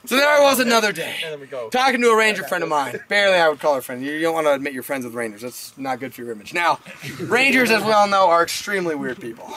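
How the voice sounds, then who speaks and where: A young man telling a comedic camp story outdoors, animated and jokey, bantering with the audience. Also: a little high, fast talker, a crowd in the background.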